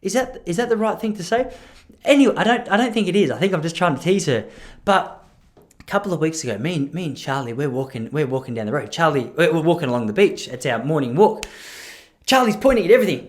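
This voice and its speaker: The voice is a young man's, a little high, expressive, and quick. Hosting a podcast alone, he tells a long rambling story, often abandoning sentences midway for humorous tangents.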